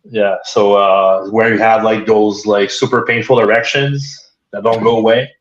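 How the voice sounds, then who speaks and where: A man's voice: on the low side, fairly even intonation, unhurried, echoey room, dull audio. A man in a band, talking in an interview and repeating words as he finds his way. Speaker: band member. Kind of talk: casual interview chat.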